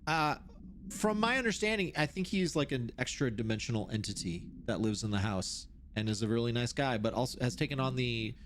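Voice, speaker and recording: Lively joking man streaming a game. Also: mid-range voice, brisk, a little hiss or hum. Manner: joking, reacting aloud while reading in-game notes. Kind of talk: live gameplay commentary.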